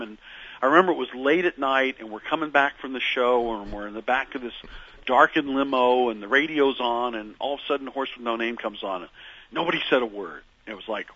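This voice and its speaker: Bright-voiced man telling studio stories. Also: mid-range voice, dull audio. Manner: meandering, with many fillers and restarts. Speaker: musician guest. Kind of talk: reflective radio interview storytelling.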